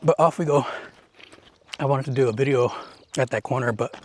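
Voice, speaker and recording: A man's voice: medium pitch, fairly quick, a little hiss or hum. A young man chatting his way up a mountain trail, narrating a hiking vlog into a handheld camera in a rambling, filler-heavy way. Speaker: hiking vlogger.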